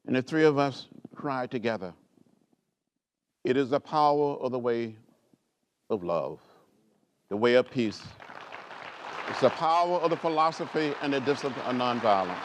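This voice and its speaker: An older man from rural Alabama, giving a measured, rhythmic speech with repeated phrases, like a preacher. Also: medium pitch, lively intonation, a little hiss or hum. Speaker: guest speaker at a library author event. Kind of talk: oratorical storytelling speech.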